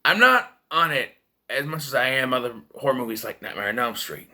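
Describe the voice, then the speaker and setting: A man's voice: medium pitch, animated, brisk, bright, forceful tone. A man casually reviewing movies, rambling and hesitant, often correcting himself.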